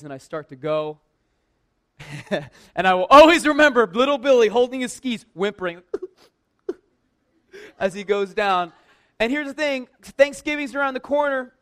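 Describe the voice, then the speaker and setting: A man who works at a church tells a personal anecdote in a lively, conversational way, full of "like" and self-mocking humor. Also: high-pitched, moderate pace, long pauses. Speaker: church worker telling a personal story. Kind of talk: casual personal storytelling.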